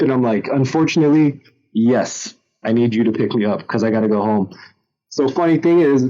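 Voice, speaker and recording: A young man talks through a personal story in a loose, candid way, voice mellow and a little dark. His recording sounds slightly dull and lo-fi. He jumps up in pitch whenever he imitates other people. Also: fairly quick. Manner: candid storytelling, acts out quotes in raised voices. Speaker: podcast guest. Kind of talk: casual chat.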